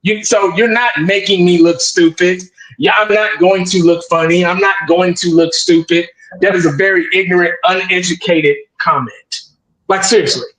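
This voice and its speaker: A high-pitched man rants in blunt, heated sports talk, circling back over his points and tagging "man" onto his lines. His voice comes over a video call and rings out in an echoey room. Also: moderate pace. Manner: blunt, repetitive, animated ranting with frequent "man".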